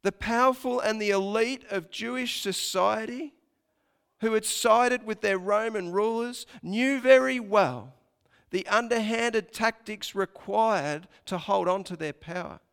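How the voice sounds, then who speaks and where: Male preacher, high gravelly voice, storytelling sermon, long hall reverb. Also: a little slow. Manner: storytelling with hushed dips and dramatic lifts. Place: church hall with congregation.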